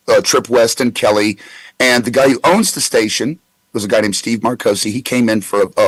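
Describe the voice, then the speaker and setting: A man's voice: mid-range voice, breathy edge, dry recording, low-quality recording. A man in his forties who tells rambling anecdotes with stammered restarts in a casual interview. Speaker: guest voice actor.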